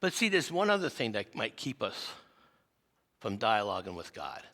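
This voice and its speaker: A male pastor giving a sermon, telling personal stories in an animated, self-deprecating way, in a church sanctuary. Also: fairly low pitch, moderate pace. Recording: long church reverb.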